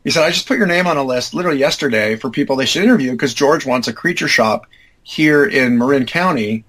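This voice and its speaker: A man in his fifties, a guest telling a long story in a relaxed, rambling way, acting out what people said with sudden high-pitched voices. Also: fast, rough recording. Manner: acts out quoted dialogue with big jumps in pitch; rambling, self-correcting, many fillers. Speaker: interview guest. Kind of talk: casual anecdotal storytelling.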